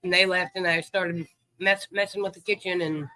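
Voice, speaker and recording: A man's voice: high-pitched, fairly even intonation, normal speed, sharp tone, dry recording, poor audio. A man hosting a livestream, chatting easily with viewers and greeting them by name. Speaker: livestream host. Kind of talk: casual chat with viewers.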